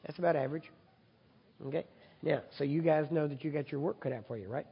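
A man's voice: fairly high pitch, quick pace, gravelly, slightly rough. A man preaching at a healing service, chatting with the congregation and checking for their agreement as he explains what to do. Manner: leads congregation in repeat-after-me prayer, loud and emphatic; conversational, asks audience for agreement. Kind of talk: sermon. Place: large hall with congregation. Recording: dull recording with long hall reverb.

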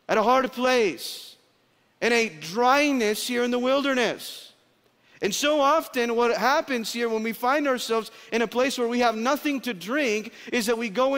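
A pastor preaching a sermon at a conference, emphatic, slowing and dropping low on key phrases. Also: male voice, a bit bright. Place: large conference hall. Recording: long hall reverb.

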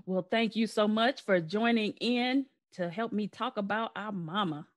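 A woman's voice: mid-range voice, measured pace. A woman hosting her own podcast, chatting casually with her brother and laughing often. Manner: laughs often, warm sign-off patter. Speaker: podcast host. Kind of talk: casual chat.

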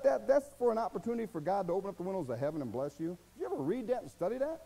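A man's voice: high-pitched, wildly swooping pitch, racing, vocal fry, hardly any pauses, warm tone, husky, poor audio. A man with an American accent preaching a sermon as pastor, folksy and exhorting, asking rhetorical questions and mimicking his listeners' excuses.

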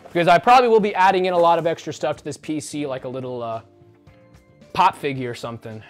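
A man streams casually, rambling, joking with his chat and swearing now and then, while faint music plays in the background. His voice is fairly high and he talks fast.

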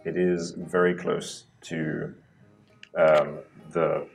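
A man's voice: a bass voice, level tone, drawn-out words, gravelly, soft background music. A man narrating as dungeon master in a loose, rambling way with many fillers. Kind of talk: narrating a tabletop game.

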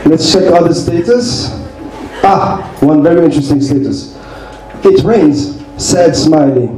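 A man performing a stand-up comedy set, with deadpan asides, on a club stage with a handheld mic and the audience laughing behind him. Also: on the high side, unhurried. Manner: deadpan, reads messages aloud with playful asides. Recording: echoey club with noise.

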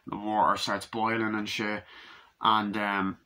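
A man doing a casual movie review, loosely retelling scenes with swearing, many ums and quick quoted lines from the characters. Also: fairly low pitch, level tone, sharp tone.

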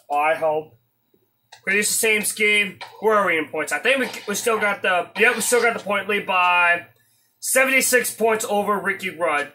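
A man giving casual commentary while playing a racing game, excitable and swearing at setbacks. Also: sits high. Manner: excitable, swears when frustrated, shouts at setbacks.

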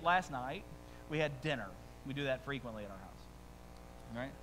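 A man's voice: medium pitch, animated, normal speed, a bit bright, big-room sound, slight background noise, rough recording. A man preaching a sermon as pastor, talking conversationally with humorous stories and rhetorical asides.

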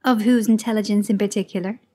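A woman's voice: medium pitch, animated, brisk, close to an everyday voice. A woman voicing an aloof talking male house cat who speaks with cold, cutting indifference in a read-aloud story. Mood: cool disdain.

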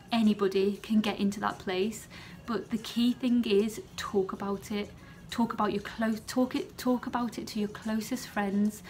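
A young British woman, a student nurse, talking earnestly to the camera in a heartfelt vlog, repeating phrases to encourage others. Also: medium pitch.

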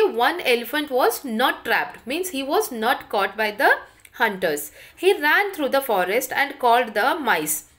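A woman's voice: high-pitched, a bit bright. A woman teacher with an Indian English accent reads a children's story aloud, explaining words and repeating phrases as she goes. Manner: repeats and rephrases phrases, explains word meanings. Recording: faint background noise and clicks.

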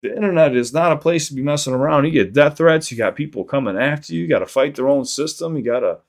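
A young man from Chicago with a Chicago accent, chatting casually on a livestream while high, rambling and swearing often. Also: fast talker, creaky. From South Side of Chicago. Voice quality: rambling, profane, repeats himself. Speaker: streamer.

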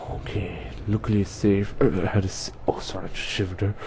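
A man's voice: deep voice, flat delivery, a little fast, background noise. A young man playing a horror game and commenting to viewers, jumpy and swearing often. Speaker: gaming youtuber. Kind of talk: let's play commentary.

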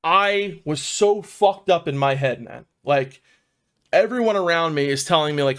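Lively in intonation but measured in pace, a man with a fairly high, slightly bright voice tells his own recovery story as a vlogger from South Philadelphia. It's casual and personal, rambling and profane, filled out with "man" and "dude."

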